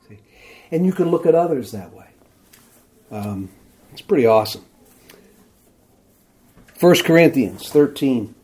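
A man gives a sermon in a mellow, warm voice that sits a little high for a man. He talks to his listeners casually and reads scripture aloud with emphasis, and he checks in with them again and again by asking whether they see it. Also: expressive, a little slow, pauses often. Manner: conversational, asks "see?" and "isn't that something?". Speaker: pastor.

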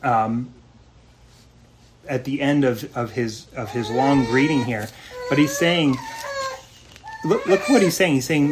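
A man preaching a sermon in an earnest, conversational way, asking rhetorical questions and reading scripture slowly. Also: mid-range voice, slight background noise. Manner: reads scripture slowly and deliberately. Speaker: pastor. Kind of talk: expository sermon.

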